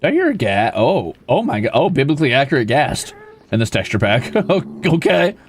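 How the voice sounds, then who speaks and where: A man streaming a building game, playful and swearing casually, who jumps into high squeals when greeting creatures and chats with viewers. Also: very animated, brisk. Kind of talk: live gameplay commentary.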